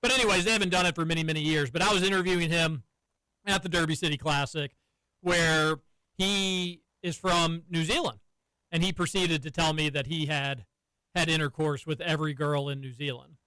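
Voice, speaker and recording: A man's voice: on the high side, fairly even intonation, a little fast, pushed and bright, smooth, dry recording, rough recording. A man in his thirties hosting sports radio, telling stories and teasing his cohosts in a studio. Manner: chatty, storytelling, teasing. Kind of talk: casual sports radio banter. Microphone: studio microphone.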